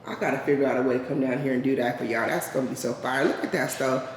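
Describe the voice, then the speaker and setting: A woman's voice: a bass voice, fast, noisy background. A woman in her forties vlogging in casual chat, blunt and profane with joking asides. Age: 40s. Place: in a car.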